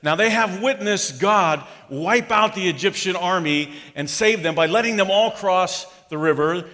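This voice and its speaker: A man with a high voice preaches a sermon in a relaxed, conversational way. He slips into mock grumbling voices to act out complaints. His voice rings on in a long church-hall reverb. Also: normal speed. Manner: conversational, acts out the complaints of the crowd. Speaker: pastor.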